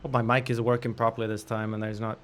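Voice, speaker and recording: A man's voice: lowish voice, fast, a little hiss or hum. A man streaming a fighting game, cursing at his matches and then chatting on a call. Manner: excitable, swears at the game, then talks softly on a call. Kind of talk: casual gaming stream chat.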